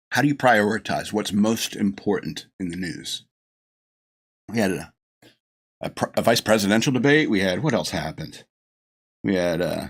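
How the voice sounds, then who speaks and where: A man's voice: lowish voice, husky. A middle-aged man hosting a podcast, rambling through a casual movie review with frequent laughs. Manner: rambling and gushing, laughs often, acts out movie lines. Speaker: podcast host.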